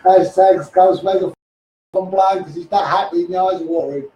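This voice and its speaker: Streaming from his phone, an English livestreamer with a Liverpool accent rambles and rants bluntly, forever saying "mate" and "you know what I mean." His voice is high, fairly even in intonation and fairly quick, and the audio is dull, roomy and distant with a faint hiss.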